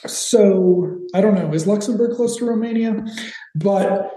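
A man's voice: high-pitched, measured pace, mellow, roomy sound, poor audio. A man co-hosting a podcast, recapping a TV episode in rambling casual chat with sarcastic asides. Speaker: podcast co-host.

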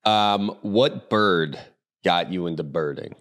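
A man hosting a podcast, chatting in a relaxed way and telling a fishing story. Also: sits low, slow pace. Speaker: podcast host. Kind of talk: casual chat.

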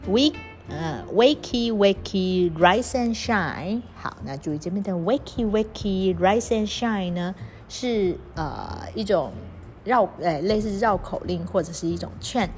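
A woman teaching English through a storybook, reading lines slowly and spelling words out letter by letter. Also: mid-range voice, animated, darkish tone, faint music behind. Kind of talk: storybook reading lesson with explanations.

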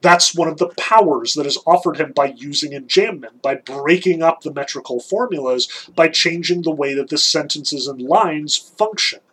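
A man giving a casual spoken lecture on poetry, animated and stressing key words, with casual fillers. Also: fairly high pitch, moderate pace, few pauses, husky, low-quality recording. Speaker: lecturer on Homer.

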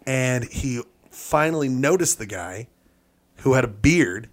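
Male podcast host, expressive range, chatty comic storyteller. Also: medium pitch, slow pace. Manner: animated storyteller, slips into voices and impressions. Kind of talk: casual comedic storytelling.

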